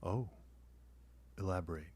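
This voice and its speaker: Male podcast host, very deep and low voice, dry straight man who feeds questions. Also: a little slow, a little mellow, breathy edge. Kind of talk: casual comedic chat.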